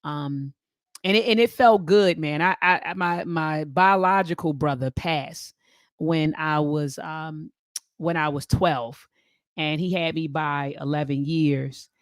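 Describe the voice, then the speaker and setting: A woman, hosting a casual talk show and telling a story, animated whenever she quotes others. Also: low voice, takes it slowly, no room sound, clean studio sound. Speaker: host.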